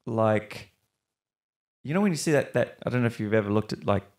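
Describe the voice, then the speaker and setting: A man's voice: lowish voice, expressive, a little fast, darkish tone. A young man, an actor, talking casually and rambling as a podcast guest. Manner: rambling, with many restarts and mild swearing. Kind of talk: casual interview chat.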